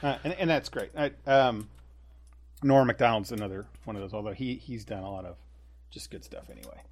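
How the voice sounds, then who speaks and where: A man's voice: mid-range voice, brisk. A man with a mid-range voice, talking on a podcast in an easygoing, conversational way. He often restarts his sentences as he thinks aloud. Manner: relaxed, conversational, with frequent restarts. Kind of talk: casual chat.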